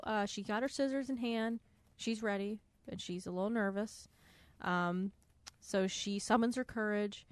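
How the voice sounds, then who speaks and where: A woman's voice: medium pitch, no echo. A young woman co-hosting a casual book podcast, giggly, playful and self-deprecating. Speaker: podcast co-host. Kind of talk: casual book-club chat.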